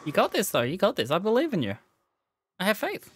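A streamer giving excitable, swearing livestream commentary, talking back to game figures. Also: mid-range voice, brisk, slight background noise.

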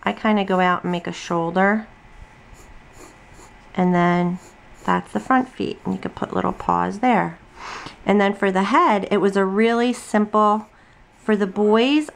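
Worn-out, chatty middle-aged woman host, mid-pitch with some fry, easygoing tutorial talk. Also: fairly even intonation, measured pace. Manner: rambling, chatty, many ums and asides. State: tired. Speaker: craft video host. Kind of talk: casual drawing tutorial. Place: home desk. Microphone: camera on tripod at desk.

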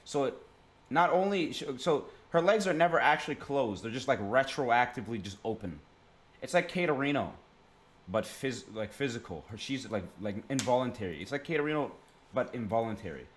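A man's voice: mid-range voice, lively intonation, brisk. A young man streaming, giving crude, rambling reaction commentary full of swearing.

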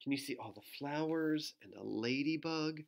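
A man, a pastor, reads a rhyming picture book aloud to children at home, adding gentle, playful asides and making animal sounds. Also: a little high, moderate pace, gravelly.

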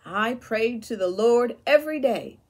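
A woman's voice: fairly high pitch, animated, measured pace, pitched above the performer's own voice. A woman reading aloud and voicing a devout, tender older mother who talks in a folksy rural dialect. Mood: fervent.

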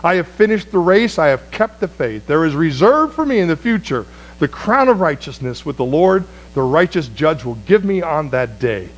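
A man preaching a sermon as pastor, swinging from loud, high exclamations to low, quiet phrases. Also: sing-song, moderate pace, soft background music, poor audio.

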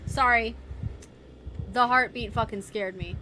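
A young woman streaming a horror game, swearing, muttering low and yelping in fright. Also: measured pace, pauses often, noisy background. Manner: jumpy and profane, mutters low then yelps in fright. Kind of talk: casual let's-play commentary.

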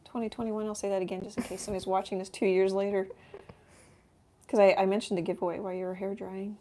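A woman's voice: mid-range voice, little pitch movement, quick pace, warm tone, slight background noise. A middle-aged woman hosting a live painting demo from her home studio, chatting casually and thinking aloud as she works, often trailing off mid-sentence. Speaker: art teacher and channel host. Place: home art studio, indoors.

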